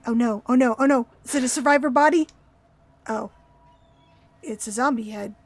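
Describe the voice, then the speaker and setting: Playful woman reading game text aloud. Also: high-pitched. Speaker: streamer.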